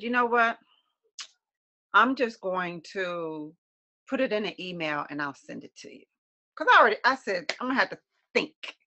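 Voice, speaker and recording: A woman's voice: a little high, vocal fry, bright, forceful tone. A woman co-hosting a webcast, chatting casually to viewers and acting out quotes with lots of laughter. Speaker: webcast co-host.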